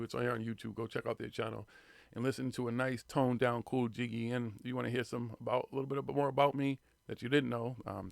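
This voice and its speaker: A man's voice: medium pitch, gravelly, dry recording. A man hosting a live radio show in casual chat, profane and ranting with laid-back slang.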